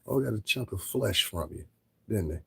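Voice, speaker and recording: A man's voice: fairly low pitch, animated, normal speed, gravelly, pushed and bright, slightly rough. A man commentating on a livestream in a blunt, profane, lecturing rant.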